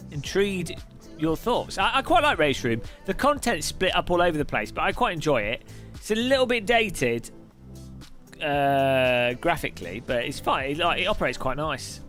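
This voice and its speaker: Lively streamer man. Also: sits high. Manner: chatty, reads chat aloud, laughs often. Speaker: sim racing streamer. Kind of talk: casual live-stream chat.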